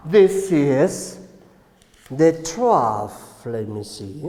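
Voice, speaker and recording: A man with a Colombian Spanish accent, a native Spanish speaker, teaching a slow classroom English lesson and often checking with "right?". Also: mid-range voice, sing-song, a little mellow. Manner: slow, repeats words and asks "right?". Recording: echoey room with long reverb.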